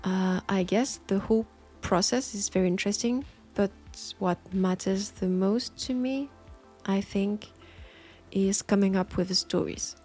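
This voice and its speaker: Soft-spoken French-accented woman with faint music. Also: medium pitch, unhurried. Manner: thoughtful, soft-spoken, with hesitant fillers and small laughs. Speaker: audio roleplay creator answering listener questions. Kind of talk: Q&A talk.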